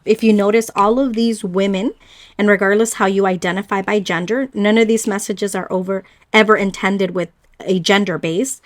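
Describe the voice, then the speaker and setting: A woman doing a pick-a-card spiritual reading, gentle and reflective, speaking slowly to her viewers. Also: medium pitch. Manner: unhurried with pauses and small stumbles. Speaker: oracle card reader.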